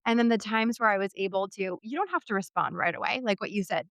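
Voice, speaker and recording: A woman's voice: mid-range voice, fast, fairly bright tone, dry recording. A woman in her thirties hosting a podcast, talking in a candid, conversational way with lots of fillers. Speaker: podcast host. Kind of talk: casual interview chat.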